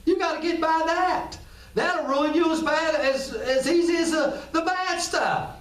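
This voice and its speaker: Impassioned preacher, high voice, echoey. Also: male voice, unhurried, a bit bright, a little hiss or hum. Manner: impassioned, acts out scripture scenes. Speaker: pastor. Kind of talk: sermon. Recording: echoey room, distant mic.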